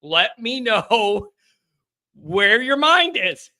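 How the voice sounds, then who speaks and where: A man's voice: very high voice, sing-song, drawn-out words, bright, forceful tone. A man hosting a live sports call-in stream, chatting casually from a home studio, rambling and joking with his chat viewers.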